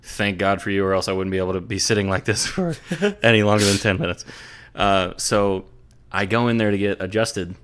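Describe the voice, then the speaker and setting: This young podcast host tells meandering sports stories in a relaxed, profane chat. His voice sits on the low side with fairly even intonation, a fairly quick delivery, and a fairly bright tone, plus a little hiss or hum in the recording.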